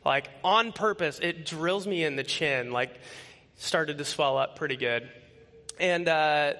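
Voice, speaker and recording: A man's voice: fairly high pitch, sharp tone. A man in his thirties, a pastor, preaching a conversational sermon, tossing out rhetorical questions and checking in with "right?". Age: 30s. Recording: long hall reverb.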